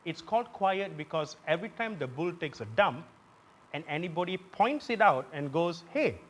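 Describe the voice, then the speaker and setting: A man with a Malaysian English accent performing a satirical comedy monologue as host on a live theatre stage, punchy and given to shouting his punchlines. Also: a little high, lively intonation, normal speed. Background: audience laughter.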